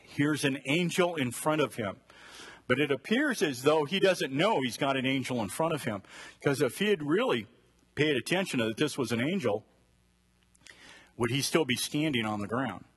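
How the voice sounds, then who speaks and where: A man's voice: mid-range voice, lively intonation, moderate pace, fairly bright tone, slightly rough. A man teaching a conversational Bible study sermon and asking his listeners direct questions. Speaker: preacher.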